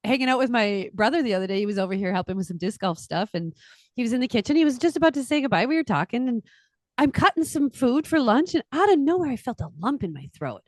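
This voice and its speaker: A middle-aged woman, an astrologer and podcast co-host, chatting casually and telling stories in an animated way, laughing often. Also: on the high side, quick pace, no room sound, clean studio sound. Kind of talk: casual chat.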